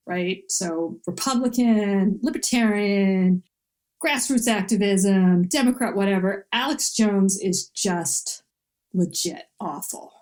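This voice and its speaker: A woman's voice: mid-range voice, darkish tone. A woman co-hosting a podcast in casual chat, making playful, teasing interjections. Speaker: podcast co-host.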